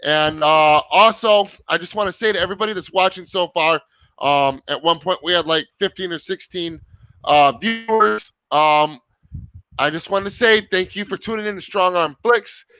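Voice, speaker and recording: Hyped young guy hosting a stream, high bright voice, swears a lot, kinda muffled lo-fi audio. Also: moderate pace, smooth, no echo. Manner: animated, swearing, emphatic. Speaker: livestream host. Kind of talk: casual livestream chat. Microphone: video call.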